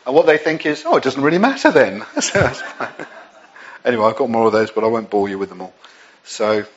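A man's voice: fairly low pitch, animated, fairly quick, lo-fi sound. An English man preaching a sermon in a conversational way, with frequent restarts and asides. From England.

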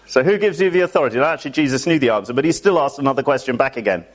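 A man's voice: mid-range voice, racing. A man preaching a sermon to a church congregation in a chatty way, often asking his listeners questions.

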